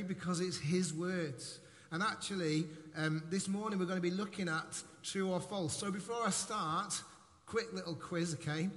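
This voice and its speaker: A man's voice: sits high, fairly bright tone. A middle-aged pastor, preaching in a playful, jokey way to his congregation in a church hall. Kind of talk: sermon. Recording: echoey hall with faint noise.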